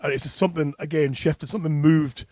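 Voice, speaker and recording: Guy on a podcast telling a filthy story, swears a lot, keeps laughing, does the voices, kinda high voice, dry sound. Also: steady tone, brisk, mellow, no echo. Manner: profane, laughing, acts out quoted voices. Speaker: podcast co-host. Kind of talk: crude comedic storytelling.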